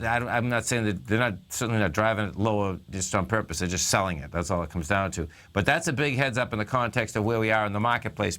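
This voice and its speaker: A man's voice: on the low side, fairly bright tone. A male talk radio host giving casual, rambling stock market commentary.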